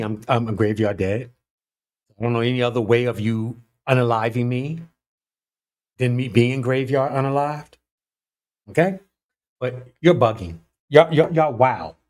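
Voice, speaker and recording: A man giving casual, animated commentary on the news, talking straight to his viewers with open disbelief. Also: mid-range voice.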